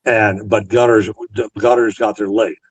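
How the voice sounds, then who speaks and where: A man's voice: lowish voice, steady tone, measured pace, no room sound, poor audio. A Navy veteran man in an interview, earnestly retelling past conversations and quoting both sides. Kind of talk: storytelling interview.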